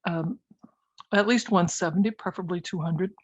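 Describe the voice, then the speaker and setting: A woman's voice: lowish voice, moderate pace, slightly rough, no echo, highs cut off. A middle-aged woman, a physician and guest in a conversational interview, talking hesitantly with many fillers and restarts.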